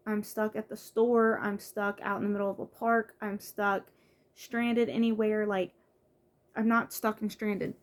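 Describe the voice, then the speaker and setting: A woman's voice: a little high, darkish tone. A young woman from the United States venting in a casual vlog, frustrated, with many fillers and restarts. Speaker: vlogger. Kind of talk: casual vlog rant to camera.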